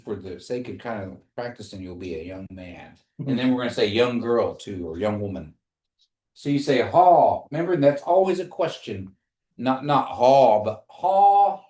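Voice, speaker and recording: A man teaching a language class, speaking slowly and patiently and repeating phrases for his students to say back. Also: mid-range voice, darkish tone, reverberant.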